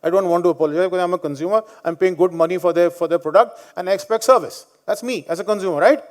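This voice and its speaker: A man in his fifties with an Indian English accent speaks rapid-fire in a high-pitched voice. He's a conference speaker telling blunt, combative, joking personal stories to a live audience at a conference venue.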